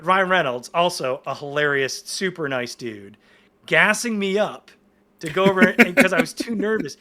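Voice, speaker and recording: A man in his forties, a podcast guest, telling stories in casual chat in an excited, rambling way with many restarts. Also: high voice, moderate pace.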